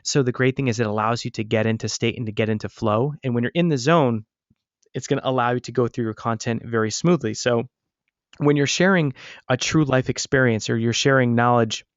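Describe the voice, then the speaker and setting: An energetic man coaching his audience, smiling as he talks and pressing them with encouragement. His voice sits at an ordinary middle pitch. The sound is dry and a little dull, like webinar audio. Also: fairly quick, no echo.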